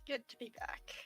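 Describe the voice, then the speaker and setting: A woman playing a tabletop game, talking playfully and laughing often. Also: sharp tone. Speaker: player. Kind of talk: tabletop role-play, casual chat.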